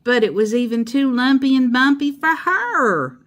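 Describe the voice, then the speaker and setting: A woman doing a huffy little roughneck girl. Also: high-pitched, expressive, moderate pace, voice pushed up.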